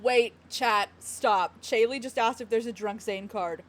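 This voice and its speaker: Her voice sits high and moves a little slowly as she live-streams casually from home. Rambling and frequently giggling, she keeps turning to speak to her chat.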